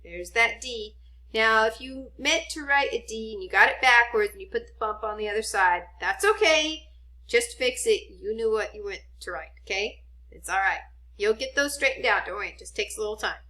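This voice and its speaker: A woman teaching a children's spelling lesson, sounding out each letter slowly and gently reassuring. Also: on the high side, animated.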